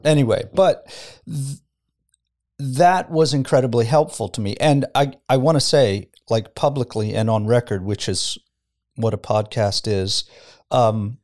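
In a relaxed studio podcast chat, a middle-aged pastor speaks unhurriedly in a mid-range, slightly mellow voice. He is reflective and frequently chuckles while recounting a story.

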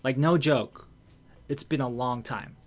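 A man's voice: medium pitch, unhurried. Candid, swearing man telling a story. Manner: candid, swears freely, many fillers and restarts. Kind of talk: casual storytelling.

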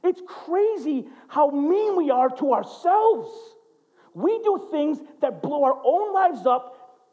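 A man preaching a sermon as a pastor, telling stories and acting out quotes in an animated way. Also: very high voice, takes it slowly, muffled recording. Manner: animated, storytelling with acted-out quotes.

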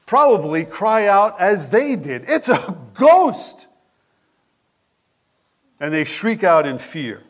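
Slow, measured male preacher. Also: high voice. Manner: expressive, animated delivery; asks the listeners questions directly. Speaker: pastor. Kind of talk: sermon.

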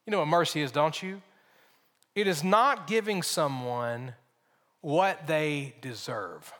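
A man's voice: a little high, slow, a bit bright, in a large hall. A man preaching a sermon as pastor, speaking with emphasis, repeating phrases and putting rhetorical questions to his listeners.

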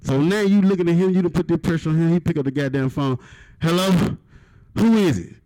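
A man, doing a profane stand-up set at an open mic and punching lines with loud outbursts. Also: fairly high pitch, racing, dry recording, rough recording. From Mississippi, USA. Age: 30s. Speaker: stand-up comedian. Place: open mic stage in a live venue.

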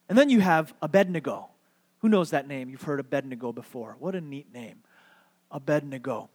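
Man, sermon, high pitch, repeats words for emphasis, asks the crowd questions, church hall reverb. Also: a little fast. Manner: animated storytelling, repeats key words for emphasis; playful, asks the audience questions. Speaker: pastor.

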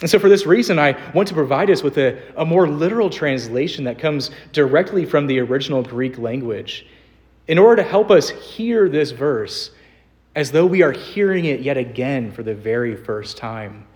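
A young man preaching a sermon in a church, earnest, slowing down to stress quoted scripture. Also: a little high, animated, darkish tone. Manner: earnest, varied emphasis, slows on quoted scripture. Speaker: pastor. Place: church sanctuary.

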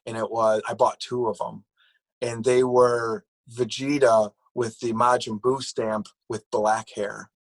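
A man's voice: mid-range voice, little pitch movement, a little slow, poor audio. A man in casual chat about collectibles, rambling and restarting his sentences.

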